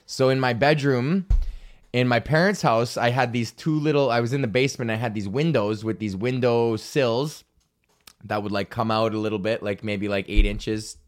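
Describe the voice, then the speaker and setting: A man's voice: mid-range voice, fairly even intonation, moderate pace. A man hosting his own podcast, talking in a rambling, profane, self-mocking way. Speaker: podcast host. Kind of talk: casual solo podcast rant.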